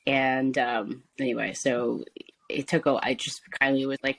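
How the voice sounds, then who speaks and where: Woman, husky, casual, frank, chatty, laughs easily, podcast guest. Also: very deep voice, fairly even intonation, a little slow, a bit bright. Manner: chatty, frank, laughs often, says "like" and "you know".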